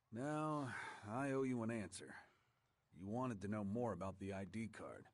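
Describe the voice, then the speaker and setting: An actor playing a stern, gruff male camp commander in a video game, speaking in a curt, commanding way. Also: fairly low pitch.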